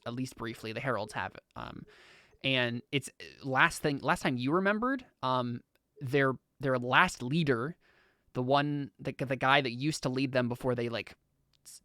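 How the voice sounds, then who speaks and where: A man's voice: medium pitch, a bit bright, dry recording, clean studio sound. A young man running a tabletop game as game master, explaining the lore in a rambling way with lots of restarts.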